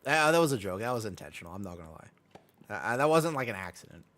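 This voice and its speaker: A young man talks loosely over a live game stream, bouncing from one topic to the next and often breaking into laughter. His pitch swings up and down a lot as he answers chat. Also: big pitch swings, fast talker, a bit bright. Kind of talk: casual live-stream commentary while gaming.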